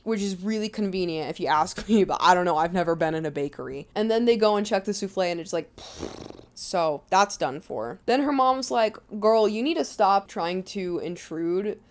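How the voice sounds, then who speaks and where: A young woman recapping a film in a chatty, sarcastic way, with quick asides. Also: fairly low pitch, expressive. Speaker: movie recap vlogger. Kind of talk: casual movie recap.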